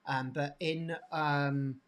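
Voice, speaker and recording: A man teaching hand anatomy off the cuff, pointing to bones, with many restarts and frequent throat clearing. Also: a little high, steady tone, a bit bright. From England. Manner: halting, repeats words, frequent throat clearing. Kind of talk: unscripted teaching demonstration.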